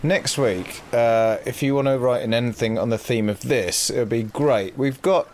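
A man's voice: medium pitch, moderate pace, slight background noise. A man co-hosting a casual podcast, reading listener letters aloud in a dry, self-deprecating way. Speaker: podcast co-host.

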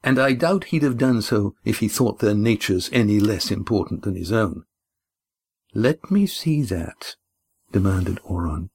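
A man narrates a novel in an even, measured storytelling voice, shifting only lightly for the characters. His voice sits low and carries a husky edge. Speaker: audiobook narrator.

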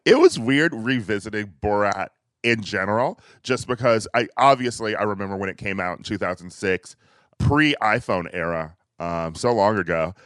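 A man's voice: fairly low pitch, fairly bright tone, dry recording, clean studio sound. A man hosting a casual chat, steering the talk with questions and frequent chuckles. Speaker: podcast host.

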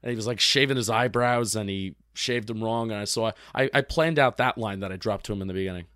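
A young man co-hosting a casual sports podcast, chatty and quick to agree, often restarting his sentences. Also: lowish voice, fairly bright tone, no room sound. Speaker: podcast co-host.

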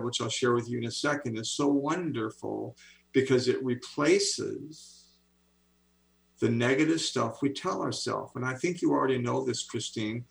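Over a video call, a man in his seventies tells stories enthusiastically as an interview guest; he works as an author and speaker. The voice is medium-pitched and creaky, and the audio quality is poor.

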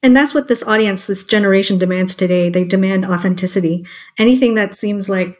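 A woman in conversation, explaining points clearly and steadily in a voice of middle pitch. She leans on rhetorical questions to build her case. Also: fairly even intonation, a little fast, darkish tone, soft background music. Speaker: guest marketing expert. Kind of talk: podcast conversation.

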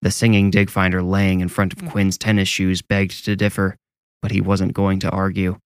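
Low-voiced man narrating horror. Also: level tone, normal speed, clean tone, no echo.

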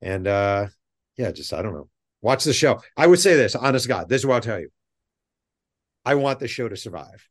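A middle-aged man, a guest author on a podcast, chatting casually and telling animated stories with rambling asides. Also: mid-range voice, fairly quick, long pauses. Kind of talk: casual interview chat.

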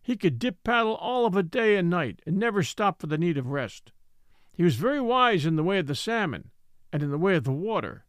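A man voicing an old native woman, a scornful mother given to sharp, wailing outbursts. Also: high-pitched, very animated, brisk, no echo, studio quality.

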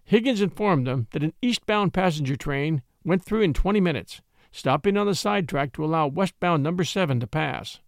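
Male storyteller, fairly high voice, expressive reading, dry studio sound. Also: moderate pace, no room sound. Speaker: narrator. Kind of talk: scripted storybook narration.

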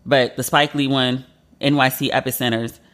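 A woman's voice: extremely low pitch, steady tone, normal speed, fairly bright tone. A woman hosting a podcast, retelling a story in a chatty, emotional way with lots of fillers. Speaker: podcast host. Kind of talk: casual solo podcast storytelling.

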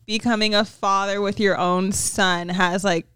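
A woman's voice: medium pitch, level tone, unhurried, fairly bright tone, smooth, no room sound. Woman, casual podcast chat, chatty, giggly, dry close sound. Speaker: podcast guest, family member.

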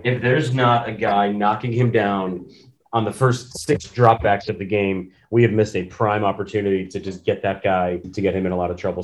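A man's voice: lowish voice, darkish tone, highs cut off. A man co-hosting a casual sports podcast, talking through the game with playful emphasis. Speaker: podcast co-host. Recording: roomy echo with faint hiss.

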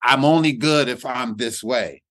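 A man's voice: medium pitch, a little slow, a bit bright, no room sound. A middle-aged comedian, telling a personal story in an interview, looping and repeating words as he talks. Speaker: guest comedian. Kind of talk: reflective interview talk.

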